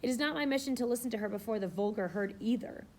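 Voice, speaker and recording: A woman's voice: a little high, fast talker, darkish tone, a little hiss or hum, natural voice. A woman reading aloud, voicing a haughty young society lady with an imperious, commanding delivery.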